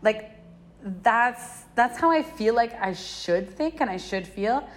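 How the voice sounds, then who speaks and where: A young woman hosting a podcast, talking through a personal experience in a rambling, emotional way, full of filler words and swearing, her voice jumping high when she exclaims. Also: expressive, slow pace. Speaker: podcast host. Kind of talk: personal confessional talk.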